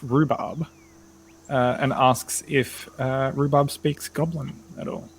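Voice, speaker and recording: A man's voice: medium pitch, fairly even intonation, slow pace, creaky, slight background noise. Rambling man playing a tabletop game. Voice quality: rambling, filler-heavy, laughing. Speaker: player. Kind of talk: describing character actions in a tabletop game.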